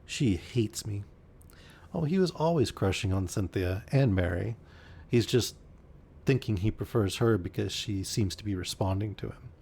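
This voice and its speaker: A man's voice: fairly low pitch, animated, normal speed, creaky, darkish tone, breathy edge. A man reading a classic mystery novel aloud, breaking off for dry joking asides.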